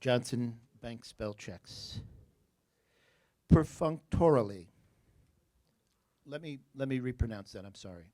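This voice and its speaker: A man with a New Jersey accent, working as a spelling bee pronouncer. He reads words, definitions and example sentences in a measured, deliberate way and drops in joking asides. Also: mid-range voice, a little mellow.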